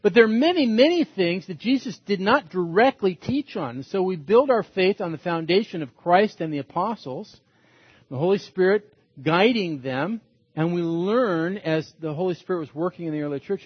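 Earnest pastor preaching, slightly husky. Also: male voice, high-pitched, lively intonation, normal speed, no echo, dull audio. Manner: earnest, pastoral, emphatic repetition. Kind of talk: sermon.

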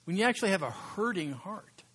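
A man preaching a sermon as pastor, conversational and emphatic, slowing down to stress key words. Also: sits high, big pitch swings, a bit bright, breathy edge.

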